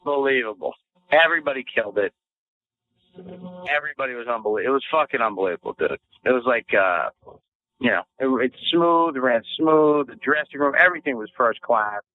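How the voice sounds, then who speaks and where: A man's voice: medium pitch, expressive, brisk. A male comedian talking brashly and profanely in casual radio banter. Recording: tinny phone-like radio audio.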